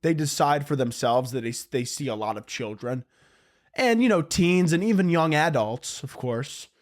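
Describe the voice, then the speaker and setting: Speaking at normal speed in a fairly high, expressive voice, this young adult runs a solo podcast. He tends to ramble, interrupt himself, and chuckle at his own jokes.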